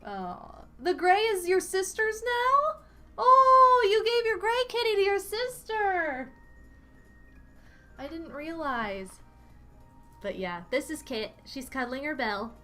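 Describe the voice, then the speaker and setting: A woman's voice: very high voice, very animated, takes it slowly, sharp tone, soft background music. A young adult woman streaming from her apartment, chatting casually and animatedly with her audience. She giggles often and drops into cooing baby talk. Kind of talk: casual livestream chat.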